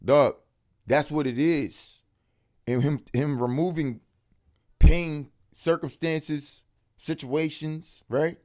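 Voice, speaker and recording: A man giving an excited, casual faith testimony to camera, full of street slang and repeated words for emphasis. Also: on the high side, takes it slowly. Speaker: religious video speaker.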